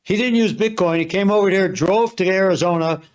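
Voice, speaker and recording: A man's voice: sits high, brisk. A man telling a chatty anecdote as a testimonial in an advertisement. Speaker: business owner in an ad. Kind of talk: ad testimonial story. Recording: dull lo-fi audio.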